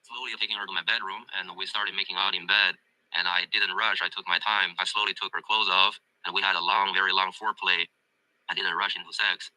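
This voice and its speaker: A man from China with a Chinese accent, giving a halting testimonial as a coaching student. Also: low-pitched, level tone, bright, forceful tone, no room sound, rough recording.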